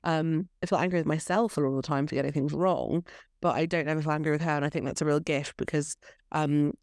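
Candid woman, gravelly voice. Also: sits low, fast. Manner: candid, animated storytelling with restarts. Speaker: guest. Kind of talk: casual podcast chat.

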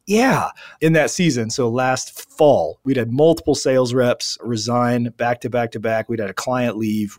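A man in his forties speaking earnestly in relaxed podcast conversation. His voice sits at an ordinary pitch and is recorded close and dry with no room sound. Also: no echo. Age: 40s. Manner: earnest, heartfelt, says "man" and "dude" often. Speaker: podcast guest, business owner. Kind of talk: casual conversation.

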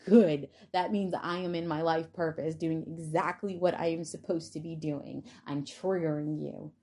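A woman's voice: low-pitched, a little mellow. Blunt, foul-mouthed woman vlogger. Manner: blunt, profane, defiant. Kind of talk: casual spiritual monologue.

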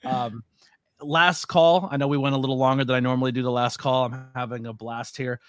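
A man's voice: medium pitch, steady tone, brisk, fairly bright tone, no room sound. Chatty male podcast host, dry sound. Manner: laughing, storytelling with quoted voices. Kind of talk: casual interview chat.

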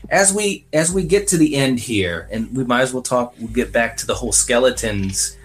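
A man's voice: medium pitch, lively intonation, moderate pace, a little hiss or hum. A man co-hosting a casual movie review podcast, enthusiastic, tagging his sentences with "man". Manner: enthusiastic, says "man" a lot. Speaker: podcast co-host.

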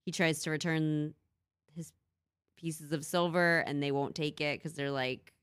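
Lowish-voiced woman cracking jokes. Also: measured pace, smooth, dry recording, clean studio sound. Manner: wisecracking, jumps in with jokes and silly voices. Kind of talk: casual comedic chat.

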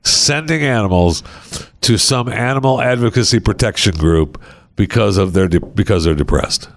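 A man's voice: fairly low pitch, normal speed, vocal fry. A man hosting a comedy podcast, reading news stories aloud in a rambling, jokey way and stumbling over words. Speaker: podcast host. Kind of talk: casual comedic news chat.

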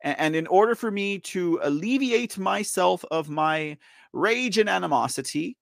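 A man's voice: high-pitched, expressive, normal speed, vocal fry, no echo, studio quality. A man hosting a live online show, ranting with exasperation, laughing often and repeating himself as he talks to his viewers. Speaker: livestream news show host. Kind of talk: ranting live commentary, reading viewer chat.

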